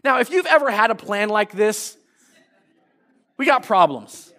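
A man's voice: high voice, sing-song, unhurried, pushed and bright. A male pastor preaching a sermon, retelling a story and acting out the quoted lines, often restarting his phrases.

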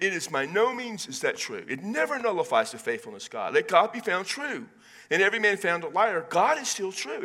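A man with a Texan accent preaching a sermon as pastor, conversational and animated, with casual asides. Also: high-pitched. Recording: long hall reverb.

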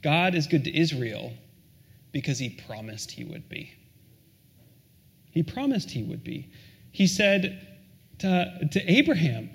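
A man preaching a sermon, his voice sitting a little high for a man. He talks earnestly and asks his listeners questions, then sinks to a hushed, quiet delivery on the lines he wants to land. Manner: earnest, asks the listeners questions, drops to a soft near-hush on key lines. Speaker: pastor.

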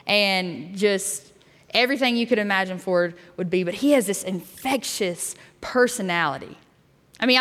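A woman youth pastor giving a sermon and telling a personal story in a candid way, with fillers and restarts. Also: medium pitch. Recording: long hall reverb.

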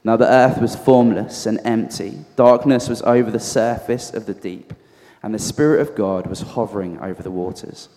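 Southern American man, low voice, scripture reading, echoey church hall, slightly off mic. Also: mellow. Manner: measured, deliberate reading. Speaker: scripture reader.

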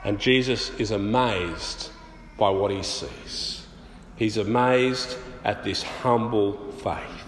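A man preaching a sermon in a conversational way, pausing often with fillers. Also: lowish voice, slight background noise. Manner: conversational, many filler pauses. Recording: echoey hall, faint ambience.

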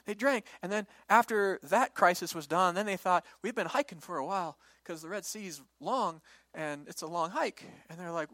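A man preaching a lively sermon, retelling a Bible story and acting out its characters in quick voices. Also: fairly high pitch, no echo. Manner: animated, acts out the people and God in quick voices.

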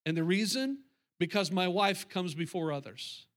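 A middle-aged pastor preaches a sermon directly to his congregation, emphatic and repetitive. His voice sits high and a bit bright, animated, at a normal speed.

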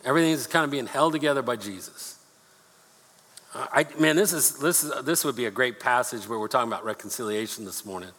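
A man's voice: medium pitch, a bit bright. Earnest preacher man in a reverberant church. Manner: earnest, repeats words, slows for scripture reading. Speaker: pastor. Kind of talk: sermon. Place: church sanctuary. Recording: long hall reverb.

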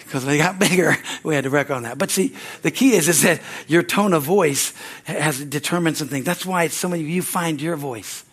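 A man's voice: fairly high pitch, moderate pace, fairly bright tone, slightly rough. An older man preaching a sermon as pastor, in a folksy, conversational way with frequent chuckles, speaking in a church. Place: church sanctuary.

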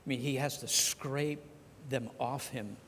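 Conversational pastor preaching in a reverberant hall. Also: male voice, medium pitch, steady tone, measured pace, fairly bright tone, slight background noise. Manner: conversational, acts out the scripture dialogue. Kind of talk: sermon.

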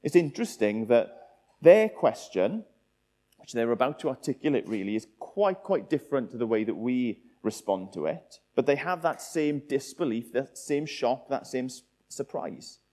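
A man's voice: medium pitch, lively intonation, normal speed, mellow. A man preaching a sermon, asking the listeners many rhetorical questions.

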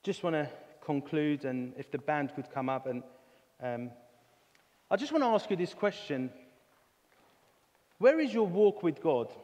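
A man preaching a sermon in a church hall, earnest and halting, often restarting his words. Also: fairly high pitch, expressive. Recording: reverberant church hall with soft music.

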